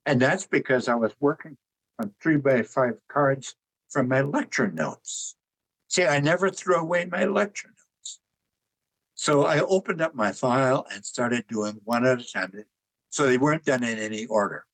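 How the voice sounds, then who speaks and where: Older man, husky, unhurried anecdotal interview guest. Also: medium pitch, low-quality recording. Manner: relaxed anecdotal, chuckles at his own jokes. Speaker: author and artist guest. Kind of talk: conversational interview storytelling.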